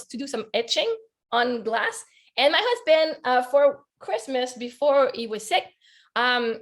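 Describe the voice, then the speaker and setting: A woman with a high voice tells a heartfelt personal story as a life coach guest. She speaks earnestly and fills her sentences with "like." The sound comes through a video call. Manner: earnest, heartfelt, many "like" fillers.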